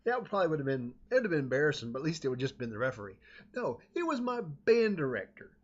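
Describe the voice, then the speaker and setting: Man, slightly high voice, rambling and animated anecdote teller, dull lo-fi sound. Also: fast talker. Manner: rambling, self-interrupting, animated. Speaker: storyteller. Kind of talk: casual anecdote telling. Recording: dull lo-fi recording.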